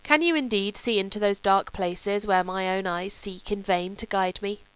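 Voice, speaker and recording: A woman's voice: mid-range voice, moderate pace, clear, resonant tone, dry recording, natural voice, poor audio. A woman voicing a brooding, sardonic artist. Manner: ornate, brooding, ironic. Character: man, a sardonic artist speaking in an ornate, brooding way.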